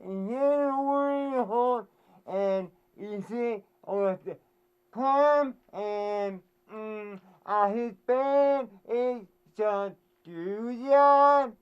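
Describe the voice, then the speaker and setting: A woman's voice: on the high side, very slow, clean tone, highs cut off. A woman playing a sidekick who mumbles incoherent babble in a comedy sketch. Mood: babbling. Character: mumbling sidekick called Butch.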